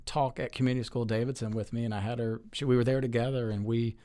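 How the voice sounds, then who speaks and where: A man's voice: mid-range voice, flat delivery, fast talker, dark tone. A man in his forties, a lawmaker being interviewed, telling stories in a chatty, earnest way with lots of fillers and restarts. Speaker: state lawmaker as guest. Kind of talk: casual storytelling interview.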